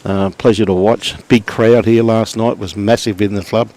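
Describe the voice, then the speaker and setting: With a lowish voice and moderate pace, a middle-aged Australian man gives relaxed live commentary on lawn bowls, chatting along and greeting viewers by name.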